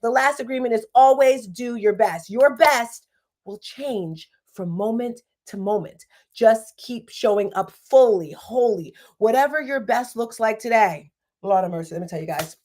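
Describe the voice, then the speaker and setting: A woman hosting a motivational livestream, chatty and animated, often asking her viewers "right?" and speaking straight to them. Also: fairly high pitch, measured pace. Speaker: livestream host.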